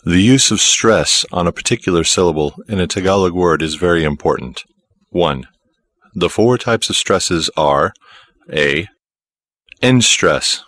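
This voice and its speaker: A man reading scripted instructional narration for a language course, in a measured, explanatory manner. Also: low voice, a bit bright, no room sound.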